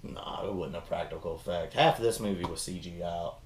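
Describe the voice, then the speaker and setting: A man's voice: deep voice, a little fast, a little hiss or hum. Casting: young male host, loose profane rambling chat, roomy echo. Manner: rambling, profane, animated retelling. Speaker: podcast host reviewing a film. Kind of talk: casual chat.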